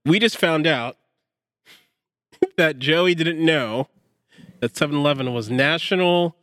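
A man's voice: fairly high pitch, slow pace, a bit bright, no echo, studio quality. A man hosting a podcast in casual chat, teasing his co-hosts and laughing often. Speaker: podcast host.

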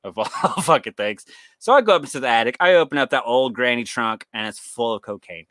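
A man's voice: mid-range voice, expressive, a little fast, a bit bright, no room sound. A young man co-hosting a horror podcast, telling rambling stories in casual chat, swearing often and acting out the voices of people in his stories. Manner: rambling storyteller, swears a lot, acts out quoted voices. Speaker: podcast co-host.

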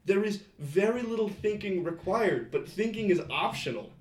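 A man co-hosting a podcast, chatting casually with animated, sarcastic asides. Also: high voice, normal speed. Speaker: podcast co-host. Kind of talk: casual chat reviewing a reality show. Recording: echoey room with faint noise.

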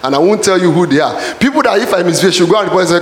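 High-voiced pastor preaching. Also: male voice, lively intonation, very fast, a little hiss or hum. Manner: preaching with shouted calls to the congregation. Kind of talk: sermon. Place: church hall. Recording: echoey church hall.

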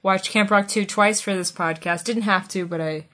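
A woman's voice: mid-range voice, steady tone, normal speed, a bit bright. A woman hosting a podcast in casual chat, talking in a loose, rambling, friendly way. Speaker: podcast host.

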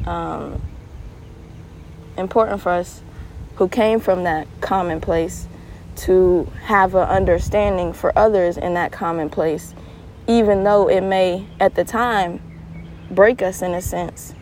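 A young adult woman hosting a podcast alone, telling stories with animated laughter and turning earnest when giving advice. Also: on the low side, takes it slowly, a little hiss or hum, rough recording. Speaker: podcast host. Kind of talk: casual solo monologue.

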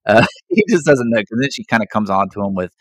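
A man co-hosting a casual movie chat, animated, acting out quotes from the film. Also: fairly low pitch, quick pace, no echo, rough recording. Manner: animated, acts out quotes in a raised voice. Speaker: podcast co-host.

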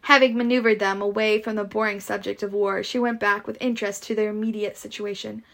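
A woman reading a novel aloud in a steady voice with small stumbles. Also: medium pitch, a little fast, creaky. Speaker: reader.

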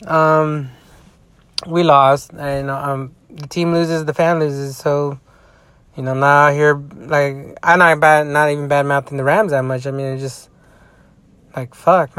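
A man's voice: a little high, fairly even intonation, slow pace, a bit bright, clean tone, no room sound. A tired man in a casual vlog rant, rambling with heavy swearing and frequent restarts. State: tired, yawning. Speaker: sports fan vlogger.

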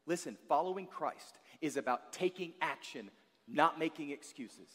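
High-voiced man preaching in a reverberant hall. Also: animated, normal speed. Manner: emphatic, building to loud peaks and dropping to quiet asides. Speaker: guest pastor. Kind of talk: sermon.

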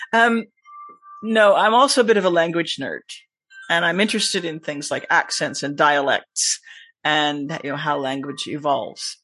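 A podcast guest and teacher with a mostly American accent that has a Scottish tinge, talking in a casual, emphatic way with lively asides. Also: mid-range voice, a little slow, long pauses. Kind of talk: casual conversation.

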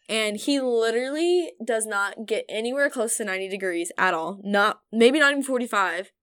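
A woman's voice: mid-range voice, lively intonation, moderate pace, few pauses, a bit bright, clean tone. A young woman from the American South with a faint Southern accent, telling stories in a casual chat and laughing often. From Kentucky and Louisiana, US South. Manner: chatty, laughs often, many "like" fillers. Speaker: podcast co-host.

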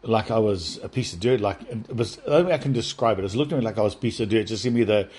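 A man telling a personal spiritual testimony in an earnest, halting way, often restarting and repeating words. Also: fairly low pitch, darkish tone, slightly rough. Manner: earnest, addresses listeners directly. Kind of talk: rambling first-person testimony.

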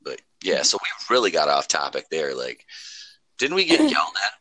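A man's voice: a bass voice, moderate pace, dry recording. A man rambling and swearing casually as a podcast host. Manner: rambling, profane, animated storytelling. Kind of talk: casual chat.

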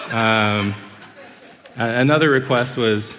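A man's voice: fairly low pitch, unhurried, a bit bright. A man in his thirties preaching as a pastor, earnest, with playful acted asides. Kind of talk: sermon. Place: church sanctuary. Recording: long reverb of a large hall.

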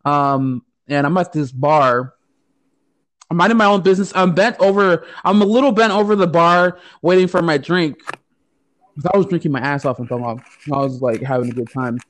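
A low-voiced American woman co-hosts a podcast, telling a story at normal speed in casual chat. She's profane and laughs often.

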